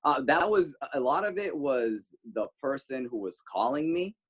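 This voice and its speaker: A male radio host, the guest, telling animated stories casually, swearing freely. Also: normal speed, husky. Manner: animated, swears freely, jumps pitch for quoted lines. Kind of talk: casual storytelling.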